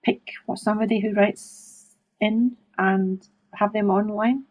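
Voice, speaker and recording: A woman's voice: mid-range voice, steady tone, measured pace, phone-quality sound. A woman hosting a casual podcast interview, chatty and playful, laughing often and playing with words. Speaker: podcast host.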